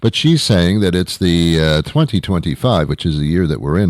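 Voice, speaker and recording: Low-voiced man doing a rambling comic monologue. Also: normal speed, hardly any pauses, dry recording, clean studio sound. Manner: rambling, deadpan, mock-outraged musing. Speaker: show host. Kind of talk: comedic monologue.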